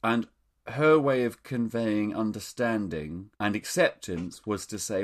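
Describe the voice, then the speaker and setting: A man's voice: on the low side, unhurried. A man hosting his own podcast, camp, theatrical and self-mocking in casual chat. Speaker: podcast host. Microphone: studio microphone.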